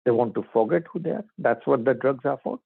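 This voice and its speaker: A man's voice: medium pitch, fast, gravelly, breathy edge, no room sound. A man giving a spiritual talk as a teacher, speaking in short, broken phrases. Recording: dry phone-like line.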